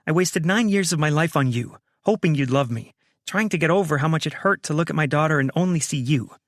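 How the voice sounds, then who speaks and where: Man doing a frustrated ex-wife, raised pitch, insistent, pleading, dry close sound. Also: brisk, no room sound, natural voice. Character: defensive, frustrated ex-wife in her thirties.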